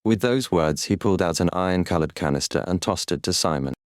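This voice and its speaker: A man voicing a calm, calculating male fire wielder in an audiobook, composed and quietly confident. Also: low voice, fairly quick, clear, resonant tone, dry recording, clean studio sound. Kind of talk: audiobook character reading.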